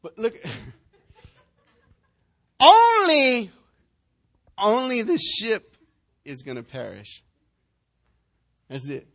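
A male pastor, preaching a sermon in an animated, joking way and acting out the people in the story. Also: extremely high pitch, very slow, long pauses. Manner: animated, joking, acts out quotes.

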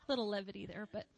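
A woman's voice: mid-range voice, vocal fry, bright, forceful tone, dry recording. A woman in her thirties sharing a personal testimony in church, heartfelt and conversational with touches of light humor.

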